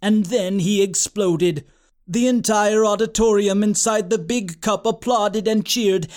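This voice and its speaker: A man's voice: sits high, darkish tone. A man reading a comic story aloud in a dry, matter-of-fact storytelling manner. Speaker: audiobook narrator. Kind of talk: scripted comic narration.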